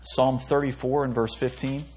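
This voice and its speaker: Young man preaching, slightly breathy, relaxed and chatty from the pulpit. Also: medium pitch, moderate pace. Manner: conversational preaching with stumbles and self-amused laughs. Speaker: pastor. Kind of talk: sermon.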